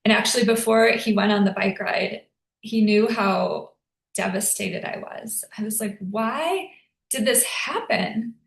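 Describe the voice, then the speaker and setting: A woman hosting a podcast, telling a personal story in an earnest, emotional way, lifting into a higher soft voice when she quotes herself. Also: level tone, moderate pace, gravelly. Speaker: podcast host. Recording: echoey room.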